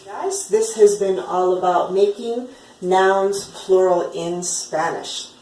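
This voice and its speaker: A woman's voice: mid-range voice, a little mellow, distant mic, slight background noise. Upbeat woman teaching in an echoey room. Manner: upbeat and encouraging, repeats words slowly to drill them. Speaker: Spanish teacher. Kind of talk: classroom lesson at a whiteboard. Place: classroom with a whiteboard.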